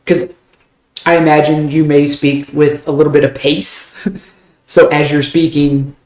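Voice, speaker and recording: A young American man, chatting casually and fast with stream viewers, loose and a bit profane. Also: a little high, little pitch movement, a little mellow. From United States. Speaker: game streamer. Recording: roomy echo.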